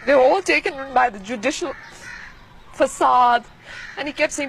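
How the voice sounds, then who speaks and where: A woman from Pakistan recalling events in an archival interview, speaking in a quiet, measured, reflective way. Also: high-pitched, animated, a little hiss or hum, poor audio.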